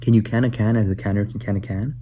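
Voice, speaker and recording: A man's voice: on the low side, fairly even intonation, quick pace, warm tone, a little hiss or hum. Young man vlogging casually. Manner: chatty, reciting tongue twisters, tripping and restarting. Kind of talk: casual self-recorded practice vlog.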